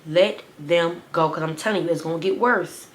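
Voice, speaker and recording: A woman in her twenties tells a story straight to her viewers with a sassy, animated delivery. Her voice sits a little low, and the room around her rings with a noticeable echo. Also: moderate pace. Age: 20s. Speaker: vlogger. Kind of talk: storytime vlog. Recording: roomy echo.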